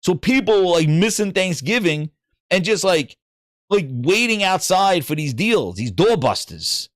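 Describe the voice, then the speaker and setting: A man hosting a gaming show, telling a story in casual livestream chat, animated and swearing. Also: sits high, measured pace, no room sound, clean studio sound. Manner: animated, swearing, acts out voices in anecdotes.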